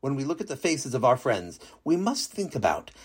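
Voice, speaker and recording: A man narrating a children's story with a lesson at the end, lively and animated. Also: medium pitch, moderate pace, slightly rough.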